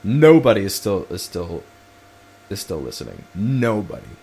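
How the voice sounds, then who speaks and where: A man's voice: lowish voice, very animated, normal speed, darkish tone, breathy edge. A man hosting his first solo podcast, telling a rambling story full of swearing and restarts. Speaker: podcast host.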